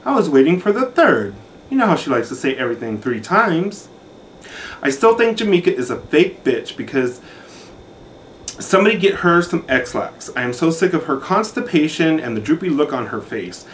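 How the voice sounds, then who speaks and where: Campy, catty man with a lively voice. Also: on the high side, moderate pace, slight background noise. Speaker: reality show commentator. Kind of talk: sassy recap commentary.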